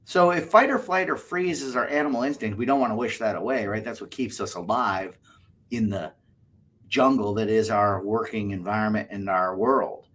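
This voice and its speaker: A man co-hosting a casual podcast chat, animated and fond of acting out little quoted exchanges. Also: on the low side, moderate pace. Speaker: co-host.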